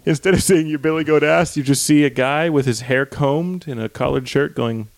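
Laughing podcast host riffing dark jokes. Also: male voice, fairly high pitch, gravelly, no echo. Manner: riffing absurd dark bits, laughing often, slipping into quick character voices. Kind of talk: casual comedy podcast banter.

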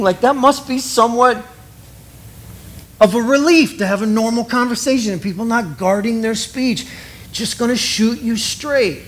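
A middle-aged man preaching a sermon, animated and conversational, acting out both sides of the dialogue he retells. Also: very high voice, moderate pace. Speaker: pastor.

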